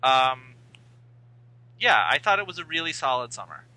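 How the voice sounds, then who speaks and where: A man's voice: medium pitch, sing-song, moderate pace, bright, forceful tone, dry recording, rough recording. A man co-hosting a casual film podcast, chatty and hedging, thinking aloud with many fillers. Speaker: podcast co-host.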